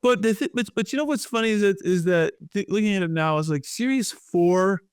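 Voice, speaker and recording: A man co-hosts a casual comics podcast with a slightly raised pitch. He retells the plot haltingly, with many restarts and "like"s. The recording is close and dry, with no room sound. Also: lively intonation, clean tone, no room sound. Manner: halting, filler-heavy retelling. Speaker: podcast co-host.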